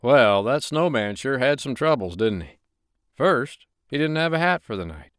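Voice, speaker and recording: A man reading a bedtime story aloud, with a gentle, lively storytelling manner. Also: mid-range voice, moderate pace, clean tone, no room sound, clean studio sound.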